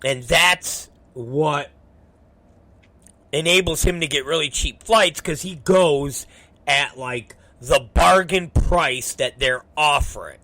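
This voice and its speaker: A man hosting a talk show, telling a story in a casual, profane, animated way. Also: fairly high pitch, takes it slowly, dry recording. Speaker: show host.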